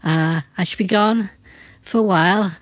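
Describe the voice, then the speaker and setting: A woman's voice: medium pitch, dry recording, close to an everyday voice. A performer voicing an affectionate, fussy lady who gushes and gets flustered. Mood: gushing. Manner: gushing, slow, flustered.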